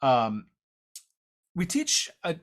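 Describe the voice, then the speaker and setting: A man at a medium pitch gives a relaxed, self-deprecating talk about his tribe's language over a video call. He often restarts his sentences. The internet connection is unstable, so his audio sometimes cuts out. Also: very slow. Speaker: tribal language teacher. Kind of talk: online presentation talk.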